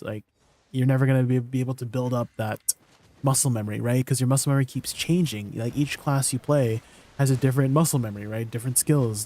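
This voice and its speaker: Streaming a game, this young man answers viewers' messages in an incredulous, teasing way. He has a mellow, medium-pitched voice, and the recording sounds dry.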